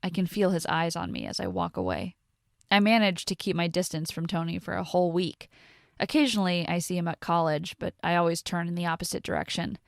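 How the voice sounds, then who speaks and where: A woman reading a first-person story in a steady, intimate narration. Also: fairly low pitch, brisk, gravelly, no room sound, studio quality.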